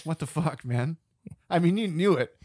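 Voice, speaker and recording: Expressive man swapping podcast stories. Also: on the high side, dry recording, clean studio sound. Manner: expressive, swears, does quick impressions of people. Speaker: podcast co-host. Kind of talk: casual chat, storytelling.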